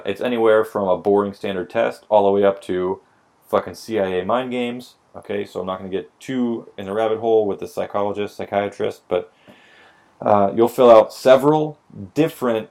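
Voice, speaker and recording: A man with a low, gravelly voice holds forth in casual podcast chat, swearing freely and slipping into mock dialogue. He sounds a little tipsy and wry. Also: fairly even intonation, moderate pace, a little mellow. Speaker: podcast co-host explaining police hiring.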